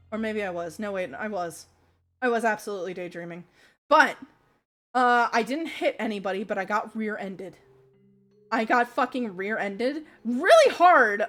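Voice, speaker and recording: A young woman livestreamer telling a story in casual chat, animated, swearing freely and laughing as she talks. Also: fairly high pitch, moderate pace, faint music behind.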